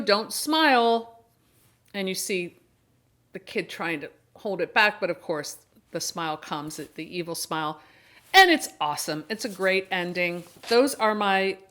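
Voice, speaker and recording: A woman's voice: on the low side, fairly bright tone. A woman hosting a horror book and film channel, giving a casual review monologue and retelling the plot with enthusiasm and many restarts.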